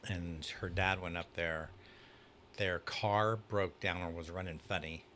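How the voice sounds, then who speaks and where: Low-voiced man telling a story. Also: unhurried, a little hiss or hum. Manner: animated storyteller, acts out dialogue. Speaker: youth pastor. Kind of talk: casual storytelling.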